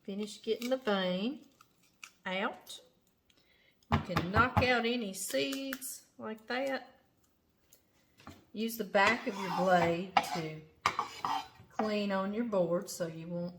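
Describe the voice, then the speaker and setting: A woman with a Louisiana accent, hosting a home cooking show, chatting in a folksy way as she demonstrates knife work in her kitchen. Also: mid-range voice. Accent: Southern US, Louisiana. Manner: chatty, folksy, talks to the vegetables. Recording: chopping and kitchen noise behind.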